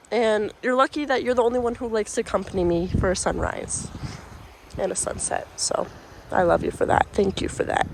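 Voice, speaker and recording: A woman's voice: on the high side, brisk, vocal fry, a little mellow. Chatty woman vlogging outdoors, noisy. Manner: chatty, playful, talks to her dog. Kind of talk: casual vlog narration. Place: outdoors on a seaside cliff.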